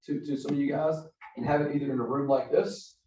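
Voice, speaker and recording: A man with a Southern accent, casually hosting an office event with relaxed, rambling remarks full of fillers. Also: a little high, fast, a little hiss or hum. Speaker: host. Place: office meeting room. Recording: echoey room, far from mic, muffled.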